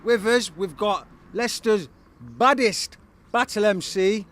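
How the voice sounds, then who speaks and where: A man hosting a show on location, speaking slowly in a high voice. He sounds laid-back and relaxed. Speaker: radio show host. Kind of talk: on-location interview intro.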